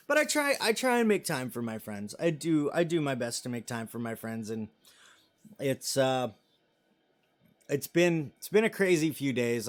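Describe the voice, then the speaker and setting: A man in his thirties hosting a live stream, chatting casually and rambling as he reads viewer comments and jokes about himself. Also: mid-range voice. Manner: self-deprecating and joking.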